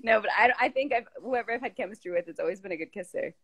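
A woman's voice: medium pitch, rapid-fire. A woman hosting a casual phone live stream, bubbly and teasing as she reads viewer questions.

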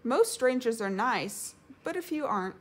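A woman's voice: a little high, expressive, moderate pace, breathy edge, voice pushed up. A woman voicing a kind, sensible young boy who explains things patiently in a storybook read-aloud.

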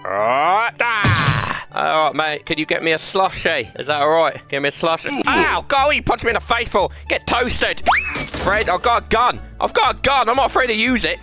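A young man giving rowdy, joking gameplay commentary, shouting and laughing a lot. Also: high-pitched, big pitch swings, normal speed, over music. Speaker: gaming YouTuber.

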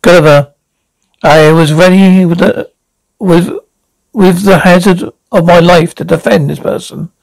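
A man voicing a courtly, old-fashioned male traveller who speaks in formal archaic phrases, sometimes halting. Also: sits high, steady tone, vocal fry, dry recording, poor audio.

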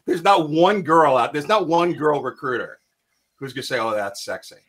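A man co-hosting a casual recruiting talk show, excitable and teasing, often stumbling and restarting mid-sentence. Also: a little high, normal speed, slightly rough. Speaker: podcast co-host, recruiter. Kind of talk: casual chat.

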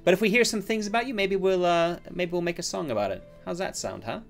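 A man's voice: high voice, animated, quick pace, creaky, soft background music, pitched above the performer's own voice. A man voicing a female elf performer who teases and mocks a traveler. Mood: mocking.

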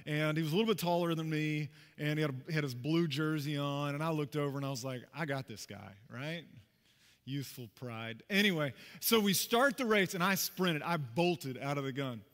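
A man preaching a sermon as pastor, telling a personal story in a conversational, animated way with asides to the congregation. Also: on the high side, fairly quick, in a large hall. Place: church sanctuary.

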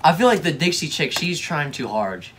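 A man's voice: fairly high pitch, big pitch swings, normal speed, fairly bright tone, slight background noise. A young man giving casual reaction commentary, slangy, mocking and easily exasperated. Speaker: video reactor.

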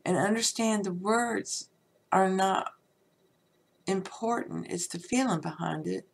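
Slow, gravelly-voiced woman host. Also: medium pitch. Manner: rambling, conversational, frequent "you know" fillers. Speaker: podcast host. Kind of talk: casual spiritual teaching talk.

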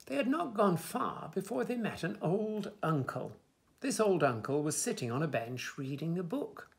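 A man reading a children's picture book aloud as storyteller, gentle and expressive. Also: sits high, moderate pace, gravelly.

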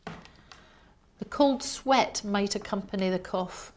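A woman teaching a class in a patient, explanatory way. She speaks at an ordinary middle pitch, stumbling over fillers now and then and acting out the symptoms she describes. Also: slow pace, a little mellow. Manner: explanatory, acts out coughs and gasps, uses fillers. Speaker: homeopathy lecturer. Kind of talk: recorded lecture.

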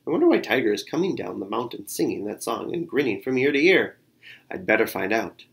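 A man's voice: mid-range voice, sing-song, a little fast, gravelly. A man voicing a clever female black bird who is polite but scheming, in a storybook reading. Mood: curious.

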